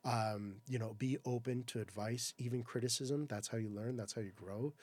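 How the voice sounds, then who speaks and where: A man who works as a wind tunnel instructor, chatting as a podcast guest in a relaxed way, with lots of "you know" and "like.". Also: mid-range voice, normal speed. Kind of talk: casual podcast chat.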